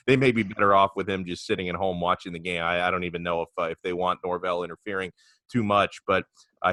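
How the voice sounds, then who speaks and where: Bright-voiced chatty sports host. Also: male voice, sits low, no echo. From South Florida. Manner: chatty, with filler words. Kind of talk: casual sports talk.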